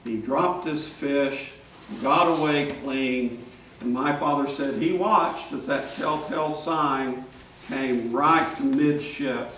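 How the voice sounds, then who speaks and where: A priest, a man, tells his story from the pulpit at a slow, unhurried pace. He is picked up from far off in a large church, with a deep echo around his voice and a faint hum of room noise behind. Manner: storytelling, shouting out the lines of people in the story. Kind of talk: sermon.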